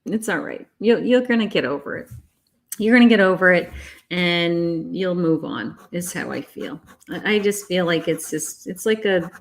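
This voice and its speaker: A woman's voice: fairly low pitch, moderate pace. Chatty woman giving tarot readings. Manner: chatty and reassuring, calls viewers honey and sweetheart. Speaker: psychic tarot reader hosting a live stream. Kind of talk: live-stream tarot reading, chatting with viewers.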